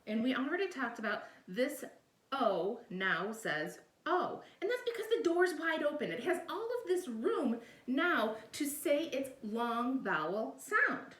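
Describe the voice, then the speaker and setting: Lively-voiced woman teacher in an echoey room. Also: high-pitched, measured pace, recorded from a distance. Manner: patient, explanatory, checks in with "all right?". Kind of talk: recorded video lesson. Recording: echoey room, voice a bit off-mic.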